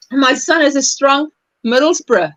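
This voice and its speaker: A woman hosts a casual crochet livestream, her voice high and swinging widely in pitch as she laughs and reads out comments. The sound is close and dry, with no room around it. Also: fairly bright tone, no room sound, poor audio. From South Africa. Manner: laughs often, reads viewer comments aloud.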